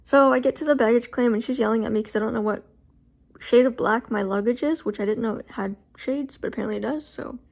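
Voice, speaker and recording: This is a woman recounting a story from her own life in casual vlog style. Her voice sits somewhat high. She talks loosely with plenty of fillers and acts out her own reactions as she goes. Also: fast talker, creaky, darkish tone. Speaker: vlogger telling a personal story.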